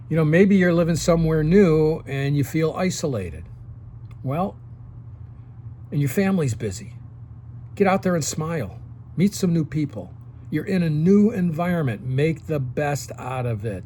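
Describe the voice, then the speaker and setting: A man's voice: a little high, warm tone, slight background noise. A man in his sixties giving casual advice to seniors straight to the camera, coaching and often checking in with "okay?". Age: 60s.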